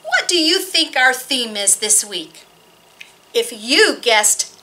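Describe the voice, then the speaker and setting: A woman runs a children's storytime, her voice high and bright. She reads slowly and swoops up and down with animated, sing-song emphasis. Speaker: children's librarian. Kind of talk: storytime reading and singing for kids.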